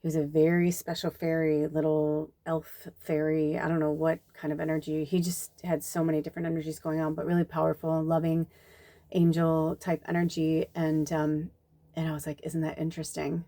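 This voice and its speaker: A woman's voice: low-pitched, completely flat delivery, normal speed, warm tone, dry recording. A woman, a spiritual medium, chatting casually and rambling through a personal story, acting out the people she quotes. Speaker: spiritual medium and card reader.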